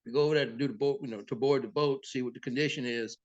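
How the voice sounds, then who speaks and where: A boat captain, a man, telling sea stories in a casual, profane, animated way as an interview guest. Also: medium pitch, very fast, highs cut off. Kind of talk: casual storytelling.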